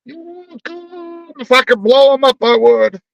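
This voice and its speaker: A man on a live stream panel, talking loud and coarse in casual chat, shouting into his microphone. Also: very high voice, fairly even intonation, normal speed, vocal fry, poor audio.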